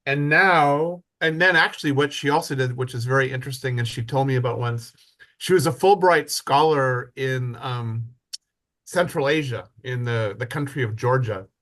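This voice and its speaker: A man's voice: medium pitch, normal speed, fairly bright tone. A man moderating an online workshop, introducing speakers casually over a video call.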